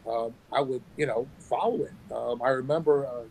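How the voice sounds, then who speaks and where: A former pro wrestler telling animated stories with sound effects, talking on his phone from work. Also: medium pitch, normal speed, gravelly, slight background noise, low-quality recording. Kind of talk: casual storytelling.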